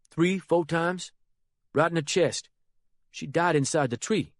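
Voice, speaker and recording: A jittery young country boy, eager to please and scared underneath, as a male narrator puts him on. His voice rides up high and strained, with a rustic drawl, in a dry, close reading. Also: a little slow, no echo. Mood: nervous. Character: simple frightened young male drug courier.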